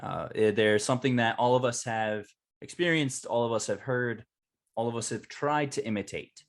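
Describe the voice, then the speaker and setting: A young man co-hosting a podcast in casual chat, dry and teasing, reading an ad haltingly. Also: medium pitch. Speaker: podcast co-host.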